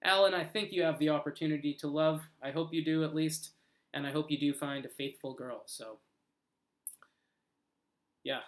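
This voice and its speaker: A man with a fairly high voice runs a live online English lesson. He reads viewers' comments aloud, stops to reread them, then patiently explains each sentence in a friendly, conversational way. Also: steady tone, normal speed, long pauses, echoey room. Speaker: English teacher.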